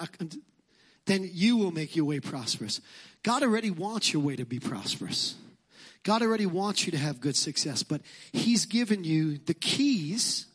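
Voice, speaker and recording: A man's voice: high-pitched, fairly bright tone. A male pastor with a Brooklyn accent preaching a sermon in church, emphatic and fond of repeating phrases.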